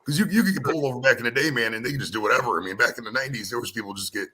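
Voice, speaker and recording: A man from the United States talks fast in a loose, rambling live-stream chat. His voice is bright and forward, and he keeps tacking "man" onto his sentences and restarting phrases. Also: medium pitch, slightly rough. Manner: rambling, repeats words, says "man" a lot. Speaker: co-host.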